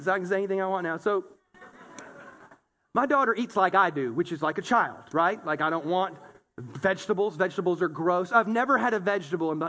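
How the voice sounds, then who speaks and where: High-voiced, animated male preacher. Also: in a large hall. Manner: animated, humorous storytelling with acted-out quotes. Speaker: pastor. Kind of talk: sermon.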